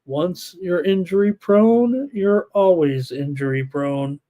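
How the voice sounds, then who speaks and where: Guy doing a live betting stream, kinda high voice, casual, reads off stats n chat picks. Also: takes it slowly, muffled recording. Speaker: sports betting show host.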